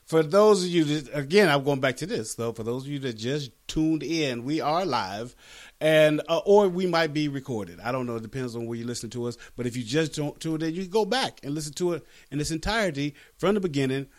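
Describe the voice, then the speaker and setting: A man's voice: a little high, animated, a little fast. A man hosting a casual podcast, talking playfully and laughing often. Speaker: podcast host.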